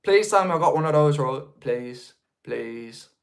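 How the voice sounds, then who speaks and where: A man's voice: a little high, expressive, unhurried, gravelly. Chatty Brummie man hosting a livestream. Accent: Birmingham (Brummie). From Birmingham, England. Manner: chatty, rambling, with many restarts. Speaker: livestream host. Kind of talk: casual live chat reading viewer comments.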